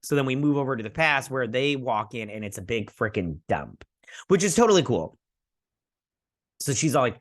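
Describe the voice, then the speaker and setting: A man's voice: mid-range voice, expressive, fairly quick, a bit bright. A man hosting a casual recap and review of a TV episode, rambling with lots of fillers and acting out the characters' lines.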